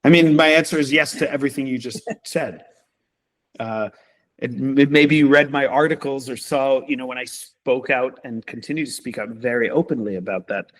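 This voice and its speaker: A man's voice: mid-range voice, normal speed. A man, a podcast guest, speaking emphatically and passionately in a conversational interview, with repeated rhetorical questions.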